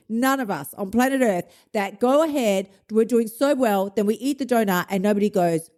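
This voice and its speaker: A woman's voice: medium pitch, normal speed, hardly any pauses. Blunt, swearing woman host. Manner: blunt, swears freely, animated and emphatic. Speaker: host of a weight loss show. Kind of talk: casual motivational monologue.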